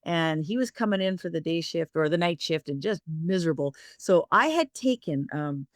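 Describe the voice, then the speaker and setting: A woman's voice: low-pitched, expressive, normal speed, dry recording, studio quality. Upbeat woman co-host telling a story. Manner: chatty and upbeat. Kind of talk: casual storytelling.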